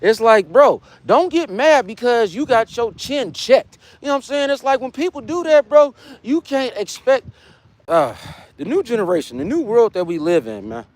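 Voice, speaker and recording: Animated high-pitched man ranting on stream. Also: normal speed. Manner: heated, profane, street slang, repeats "you know what I'm saying". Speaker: livestream host. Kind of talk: casual livestream rant.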